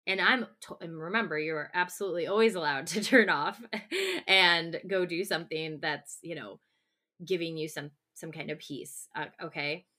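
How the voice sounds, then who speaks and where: A woman co-hosts a podcast in an earnest, gentle way, pausing and restarting her sentences as she goes. Her voice sits a little low, with a bright, forward tone. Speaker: podcast co-host. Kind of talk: casual podcast talk.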